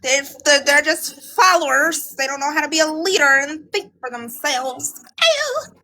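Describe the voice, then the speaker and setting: A woman's voice: sits high, moderate pace, pushed and bright, low-quality recording. A woman in casual livestream chat, playful and chatty, laughing as she talks. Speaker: livestream co-host.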